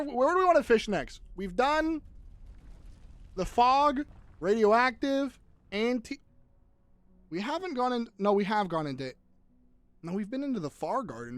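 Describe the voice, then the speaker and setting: A young man live-streaming a game, chatting casually with viewers in a profane, animated way, ranting and restarting his sentences. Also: sits high, no echo. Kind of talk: casual live-stream chat while gaming.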